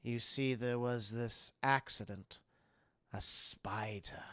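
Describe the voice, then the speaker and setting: A man voicing a sinister older male recluse who speaks in a low, slow, drawn-out way. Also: fairly even intonation, pushed and bright, no room sound, studio quality.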